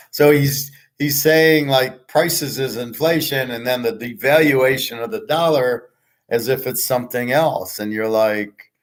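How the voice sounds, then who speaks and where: Medium-pitched and a little slow, the host of his own show talks in a casual, rambling way. He's a middle-aged man who is blunt, wanders off on tangents, and swears a lot.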